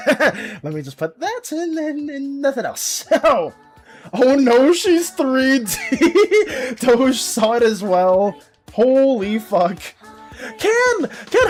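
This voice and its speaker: Excitable high-pitched woman streamer. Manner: excitable, swears a lot, laughs often. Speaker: art streamer. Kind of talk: casual live-stream chat.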